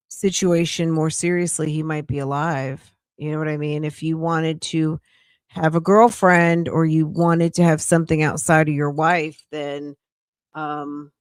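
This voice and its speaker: A woman's voice: deep voice, no room sound, studio quality. A woman hosting a casual live commentary stream, chatty and incredulous, often laughing. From United States. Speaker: livestream commentary host.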